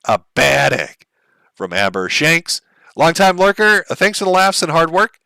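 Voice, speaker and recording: Wry middle-aged guy reading donations on stream, kinda bright tone, dead dry sound. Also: high voice, sing-song, moderate pace, clean tone, no room sound. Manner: wry, laughs at his own jokes. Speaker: livestream host. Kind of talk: casual stream chat reading viewer messages aloud.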